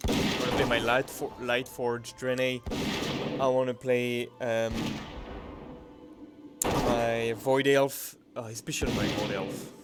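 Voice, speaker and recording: A young man chats loosely while he plays, drifting from thought to thought and filling the gaps with ums and uhs. His voice sits at an ordinary middle pitch. Loud game music plays right behind him the whole time. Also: little pitch movement, moderate pace. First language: French. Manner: rambling, thinking aloud with many fillers. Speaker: game streamer. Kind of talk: casual gameplay commentary.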